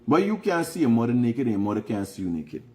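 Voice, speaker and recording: A man's voice: medium pitch, big pitch swings, quick pace, a little mellow. Frank Guyanese man giving life advice. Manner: frank, preachy, repeats phrases for emphasis. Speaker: host. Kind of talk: casual advice monologue.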